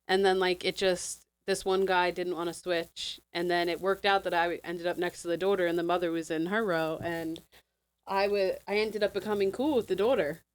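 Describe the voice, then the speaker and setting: A woman's voice: lowish voice, fairly even intonation, normal speed, clear, resonant tone, low-quality recording. A woman co-hosting a podcast in casual chat, adding dry remarks and then telling a travel story plainly. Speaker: podcast co-host.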